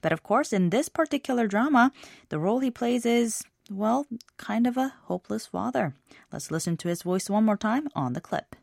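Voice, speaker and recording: A woman hosting a language lesson in scripted narration, explaining example phrases clearly and pronouncing them carefully. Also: fairly high pitch, animated, moderate pace, darkish tone, dry recording, studio quality.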